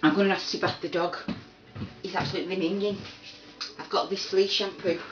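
A woman's voice: mid-range voice, fairly even intonation, brisk, background noise. A woman talking casually in a home vlog, chatting and cooing in a sing-song way to her dog at a sink. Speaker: vlogger. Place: indoors at a sink, small room. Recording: echoey room, voice far from the mic, dull sound. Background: running water and splashing.

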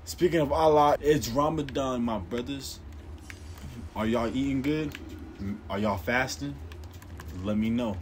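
A young gameplay streamer talks at a medium pitch, unhurried and with long pauses, against slight background noise. Playing a hard game, he offers casual, profane commentary and grows increasingly frustrated.

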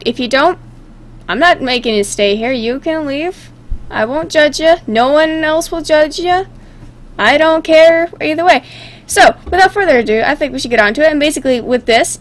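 A woman's voice: sits high, animated, moderate pace. A woman hosting a gaming video, chatting casually and giggling as she reacts and tries out silly character voices. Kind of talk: casual game commentary.

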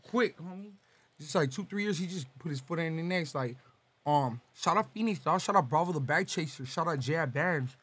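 A young man from Los Angeles, talking casually as a podcast guest, swearing and slangy, reeling off shout-outs. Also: fairly high pitch, lively intonation, normal speed, husky.

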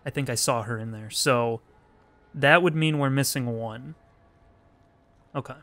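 A man's voice: medium pitch, measured pace, pauses often, fairly bright tone, no room sound. A man casually commenting on a game while playing it, laid-back and teasing. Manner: laid-back, teasing, says dude and bro. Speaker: gameplay video host. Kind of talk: casual let's-play commentary.

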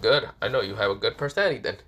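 A man's voice: on the low side, lively intonation, very fast, a bit bright. A young man voicing a brash, hot-headed young male devil who curses freely, in a fan-made story.

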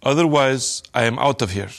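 A man voicing a smooth-talking, greedy male space trader in a storybook reading, with a sly, wheedling patter. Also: medium pitch, normal speed, lightly acted. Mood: smug.

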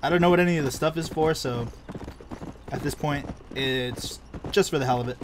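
A young man chatting through a video game playthrough, casual and joking. His voice sits a little high, with faint game sound underneath. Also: moderate pace, noisy background. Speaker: gamer. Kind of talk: let's play commentary.

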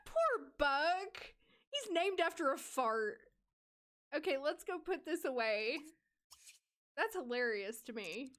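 A woman's voice: sits high, big pitch swings, measured pace, pauses often, fairly bright tone. A woman streaming a life-sim game, chatting casually with her chat and laughing often, with an American accent. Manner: giggly, chatty, reads and answers chat. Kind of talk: casual live-stream commentary.

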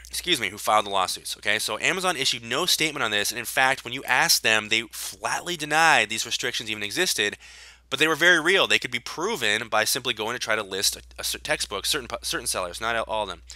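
A man's voice: mid-range voice, lively intonation, fast, pushed and bright, dry recording. Male solo explainer; punchy, emphatic delivery, dry close recording. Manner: emphatic, sarcastic asides, repeats key points. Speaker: online seller educator.

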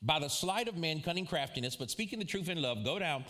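A man preaching a sermon to a live congregation, telling a personal story with frequent laughter and lively asides. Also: a little high, quick pace. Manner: animated storyteller, laughs often, calls out to congregation. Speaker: pastor. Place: church before a live congregation.

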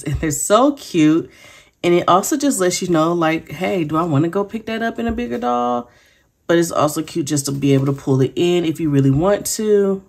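A woman chatting casually to viewers while showing a sticker haul, giggly and gushing. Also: deep voice. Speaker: planner sticker vlogger. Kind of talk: casual chat.

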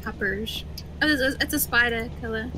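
Giggly high-voiced woman streamer. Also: moderate pace, noisy background. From half British, mother from Kent. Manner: giggly, playful, teasing. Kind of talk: casual chat while gaming.

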